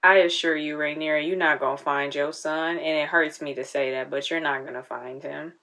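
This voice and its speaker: A woman's voice: sits low, steady tone, fairly quick, fairly bright tone, faint music behind. A woman hosting a casual reaction video, chatting and talking back at the screen.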